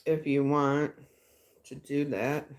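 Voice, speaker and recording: A woman's voice: deep voice, flat delivery, takes it slowly, slight background noise. A woman hosting a casual livestream chat, easygoing, answering comments from viewers. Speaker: livestream host.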